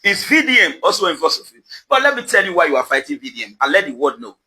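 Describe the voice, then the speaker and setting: In poor audio, a Nigerian commentator from social media rants confrontationally to camera at his house compound, accusing emphatically and echoing his own questions. His sharp voice is a little high, swings widely in pitch, and comes out fast.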